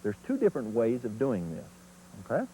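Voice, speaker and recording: A man's voice: mid-range voice, huge pitch swings, a little fast, dark tone, a little hiss or hum, low-quality recording. A man teaching turkey calling in an instructional video, in a folksy, plain-spoken way.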